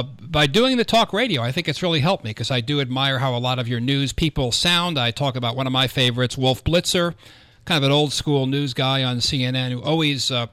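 An American man hosting a talk radio show, with a bright, forceful tone. He speaks clearly with full articulation, in a dry studio sound with no room echo. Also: medium pitch. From United States.

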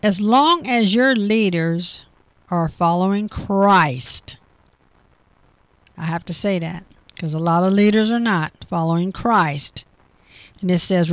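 A woman's voice: medium pitch, darkish tone. A woman leads a devotional, reading scripture and then unpacking it in her own words. She circles back and repeats key phrases for emphasis, in a medium voice. The sound is dry and close, with no room echo. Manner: reads verses aloud then explains with repetition. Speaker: Bible teacher. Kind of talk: devotional Bible reading and commentary.

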